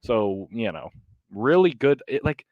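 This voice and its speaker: A man co-hosting a podcast, telling a story in casual, animated chat with lots of fillers and some swearing. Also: medium pitch, unhurried, no echo, narrow, tinny audio. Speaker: podcast co-host.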